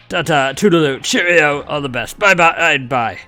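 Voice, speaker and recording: A man's voice: on the high side, a little slow, pushed and bright, faint music behind. A man voicing a fawning middle-aged police inspector in a put-on Cockney accent, gushing and over-polite, as fan voice-acting of a game. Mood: flustered.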